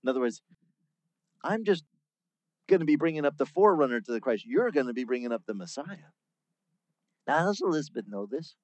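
A man preaching a sermon, teaching through a Bible passage in a lively, conversational way. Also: a little high, fairly quick, pauses often, no echo. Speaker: pastor.

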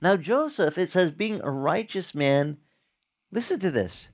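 This preacher sounds animated and keeps a measured pace. His sermon is conversational, and he performs brief dialogues marked by sudden pitch jumps.

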